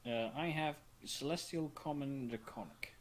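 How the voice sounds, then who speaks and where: A man's voice: medium pitch, normal speed, a little hiss or hum. A man playing in a tabletop game, explaining rules and lore matter-of-factly. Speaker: player. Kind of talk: casual tabletop game play.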